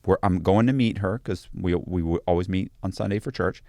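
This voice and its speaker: A man as an interview guest, telling a story in a casual, animated and exasperated way. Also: low voice, a little fast, vocal fry, no room sound, studio quality.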